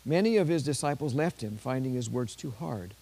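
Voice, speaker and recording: Mellow-voiced man reading in church. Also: mid-range voice, lively intonation, husky, rough recording. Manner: measured reading with brief spoken asides. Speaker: priest. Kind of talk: reading a saint's life aloud in church.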